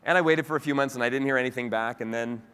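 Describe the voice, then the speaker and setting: Lively man telling a keynote story in a hall. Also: medium pitch, rapid-fire, clear, resonant tone. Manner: lively storyteller who acts out quoted dialogue. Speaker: keynote speaker. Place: large hall with a live audience. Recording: long hall reverb.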